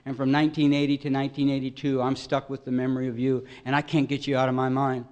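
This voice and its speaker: A man giving an earnest, emotional personal testimony at a recovery meeting, voice swelling loud at its peaks. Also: medium pitch, monotone, fast talker, dull audio.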